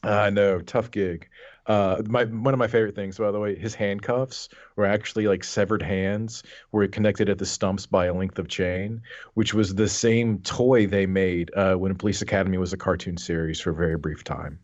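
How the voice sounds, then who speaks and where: Wry low-voiced man on a dull line. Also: fairly even intonation, moderate pace, darkish tone. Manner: wry, sarcastic asides. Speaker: podcast co-host. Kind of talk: casual chat, recapping a movie.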